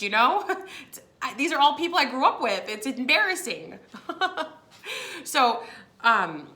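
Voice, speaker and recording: A woman in her thirties telling a personal story to her viewers in a chatty way, acting out what others said. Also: a little high. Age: 30s. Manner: chatty, lively, acts out quotes with laughs. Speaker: vlogger. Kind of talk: casual storytelling to camera.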